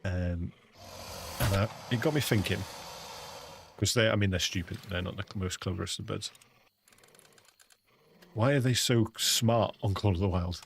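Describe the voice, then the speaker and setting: English male game streamer, low and a bit gravelly, loose chatty commentary. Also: a little slow, pauses often, a little hiss or hum. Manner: chatty, laughs often, calls viewers "mate". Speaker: gaming livestreamer. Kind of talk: casual livestream commentary.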